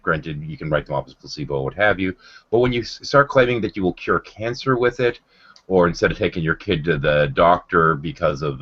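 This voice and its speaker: A man's voice: low voice, a bit bright, breathy edge. A man hosting a casual livestream chat, rambling and sardonic, with lots of ums and restarts. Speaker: livestream host. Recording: dull lo-fi stream audio.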